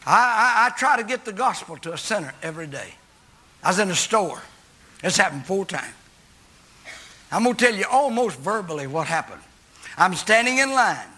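A man's voice: high-pitched, bright, forceful tone. A man preaching a sermon, telling a story in a folksy, emphatic way.

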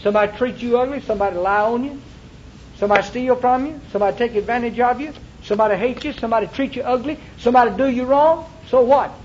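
Man preaching, very high voice, emphatic repetition, muffled church recording, faint hiss. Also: quick pace, darkish tone. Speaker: pastor. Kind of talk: sermon. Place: church before a congregation.

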